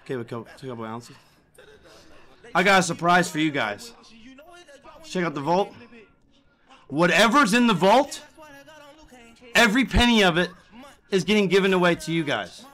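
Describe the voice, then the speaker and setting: Man, live streamer, very high voice, bright tone, profane, repeats himself. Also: expressive, moderate pace, pauses often. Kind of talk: live-stream talk to viewers.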